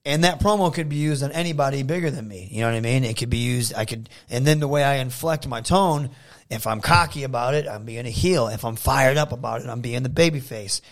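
A man's voice: medium pitch, fairly quick. A man from Michigan, a professional wrestler, telling enthusiastic stories as a guest in a casual interview. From Saginaw, Michigan. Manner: animated, enthusiastic storyteller.

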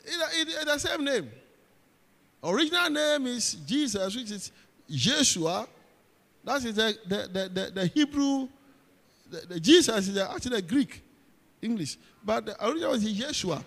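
Very animated and speaking at a moderate pace, this Ghanaian-accented pastor delivers a sermon in a very high, slightly bright voice. He's emphatic, repeats phrases, and calls out to the congregation, all in long hall reverb.

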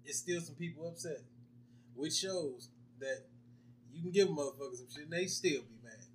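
A man co-hosting a podcast, blunt and profane, quick to laugh. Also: fairly high pitch, far from the mic, a little hiss or hum. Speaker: podcast co-host. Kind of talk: casual chat.

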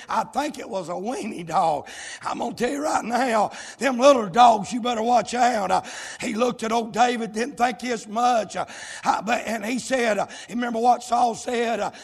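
A man preaching a shouted revival sermon, chanting his phrases with a gasped "uh" between them. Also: high voice, breathy edge, in a large hall. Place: church sanctuary.

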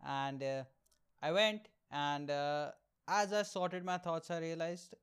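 A man's voice: fairly high pitch, measured pace, clean tone. A man, telling candid, profane, self-mocking stories on his solo podcast. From India. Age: 20s. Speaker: podcast host and aspiring comedian.

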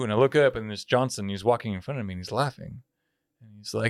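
A man's voice: fairly low pitch, quick pace, dry recording. A young man co-hosting a podcast, telling stories in a profane, rambling way with lots of fillers. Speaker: podcast co-host. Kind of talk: casual podcast banter, storytelling.

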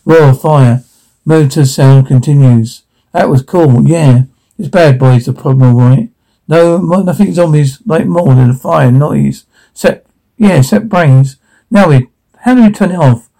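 Gravelly, dark-toned man reading captions. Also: on the high side, measured pace, poor audio.

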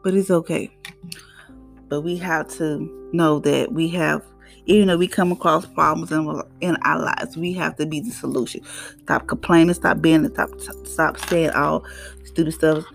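A middle-aged woman hosting her own podcast, giving an emphatic, faith-based motivational talk with animated, preachy delivery. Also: sits low, unhurried, creaky, soft background music. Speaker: podcast host.

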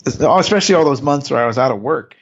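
Gravelly-voiced man recapping a sitcom episode. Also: mid-range voice, lively intonation, highs cut off. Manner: laughs often, retells scenes in quick put-on quotes. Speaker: podcast co-host. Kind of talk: casual episode recap chat.

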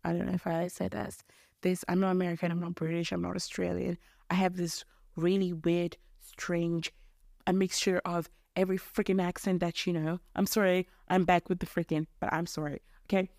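A woman's voice: fairly low pitch, level tone, normal speed, vocal fry, a little mellow, no room sound, clean studio sound. A young woman from Mozambique hosting a solo podcast from her bedroom, ranting casually in a rambling, self-deprecating way with casual swearing. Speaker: podcast host.

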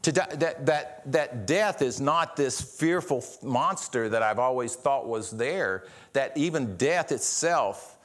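A man's voice: medium pitch, expressive, takes it slowly, hardly any pauses, a bit bright. A man preaching a sermon, earnest, often restarting and repeating words and asking rhetorical questions. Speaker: pastor.

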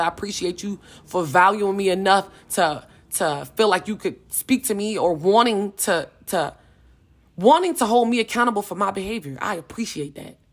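A young woman hosting a podcast, talking in a casual, emphatic, slangy way as she motivates listeners. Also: mid-range voice. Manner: emphatic, slangy, repeats "you know what I'm saying". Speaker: podcast host.

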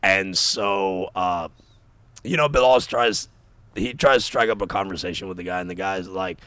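A man's voice: low-pitched, normal speed, pushed and bright, no room sound. A young man telling a funny story to friends in casual chat, acting out the people he quotes and laughing along.

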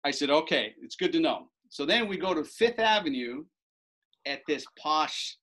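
A man casually telling a long anecdote, acting out the quoted lines with a lifted, animated voice. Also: on the high side, moderate pace. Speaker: storyteller recounting a bet. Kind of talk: casual anecdote told to an audience.

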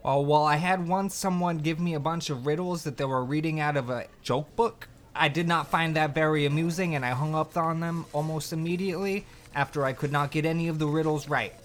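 Man, higher pitch, gruff, deadpan, crude, comedy interview, emergency dispatcher, faint noise. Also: a little fast, few pauses.

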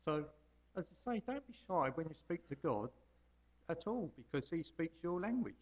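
Man, lay preacher, chatty hesitant devotional talk, lively up-and-down voice, slightly high, dull lo-fi recording. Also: moderate pace. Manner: homely, rambling, hesitant with many ums.

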